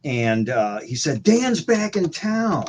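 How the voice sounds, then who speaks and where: A man's voice: a little high, very animated, slow pace, a little mellow, slight background noise. A man on a video call, telling rambling anecdotes about his band days in casual chat, full of restarts and fillers. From St. Louis. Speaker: guest musician.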